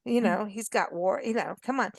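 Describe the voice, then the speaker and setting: A woman's voice: mid-range voice, moderate pace, gravelly, darkish tone, no room sound, studio quality. A woman hosting a radio chat show, chatty and enthusiastic, teasing her guests. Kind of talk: casual chat.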